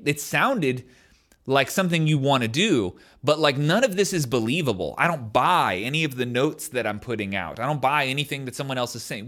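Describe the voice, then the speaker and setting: This is a thirty-something man casually recounting something that happened to him, talking straight to the camera. His medium-pitched voice has a slightly bright edge, and his loose delivery is packed with "like" fillers.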